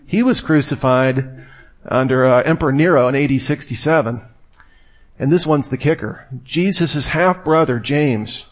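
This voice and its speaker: A man giving a conversational sermon to a live audience in a room, telling stories and asking rhetorical questions. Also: mid-range voice. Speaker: speaker.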